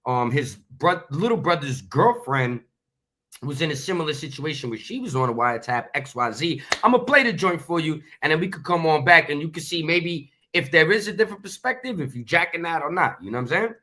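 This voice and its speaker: A man chats loosely and slangily as he introduces a clip. His voice is bright and forceful, pitched a little above the average. He rambles and corrects himself as he talks. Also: expressive, fairly quick. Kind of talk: casual chat.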